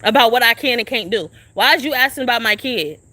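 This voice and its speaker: Pushed, bright and fast, a young woman's fairly high voice carries an expressive rant she streams by phone from an outdoor shelter. She is confrontational and profane, firing identical questions again and again.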